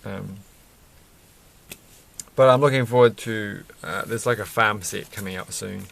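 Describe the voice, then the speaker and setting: A man's voice: on the low side, measured pace, creaky, a bit bright, a little hiss or hum. A man chatting casually and rambling while building a Lego set, often chuckling and correcting himself.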